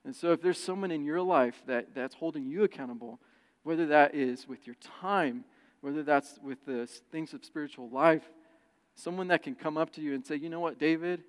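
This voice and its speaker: A man preaching a sermon who tells personal stories in an animated way and acts out the quoted voices. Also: a little high, normal speed, smooth. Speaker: pastor. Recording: long church reverb.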